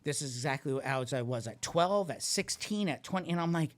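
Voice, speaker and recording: A man's voice: a little high, lively intonation, fairly quick, no room sound. A man guest on a podcast, candidly telling a rambling, profanity-laced story about addiction and recovery. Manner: profane, blunt, rambling with restarts.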